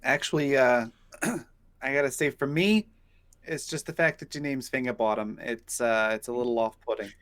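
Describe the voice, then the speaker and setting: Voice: medium pitch, normal speed, a bit bright, no echo, lightly acted. A player voicing a cautious, dry-witted royal guardsman in a tabletop game, with hesitant restarts.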